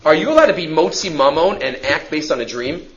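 Man, high voice, talmud class, translates line by line, acts out lines. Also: brisk, lo-fi sound, a little hiss or hum. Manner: lively, acts out the story's dialogue. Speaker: Talmud teacher.

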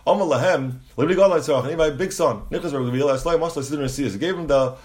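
A man's voice: fairly high pitch, darkish tone. A man teaching a Talmud lesson, reading Aramaic phrases and translating them into English as he goes. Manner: reads Aramaic phrases then translates them in quick bursts.

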